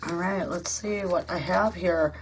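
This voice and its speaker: A woman's voice: fairly low pitch, measured pace, slight background noise. Chatty woman gushing over craft mail. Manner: gushing, chatty, many ums and uhs. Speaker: crafting channel host. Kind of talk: casual chatty craft vlog.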